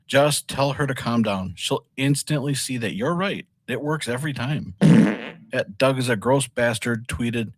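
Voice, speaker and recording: A man's voice: mid-range voice, dry recording. Man cheerfully reading tweets aloud. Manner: jokey, laughs between readings. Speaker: segment host.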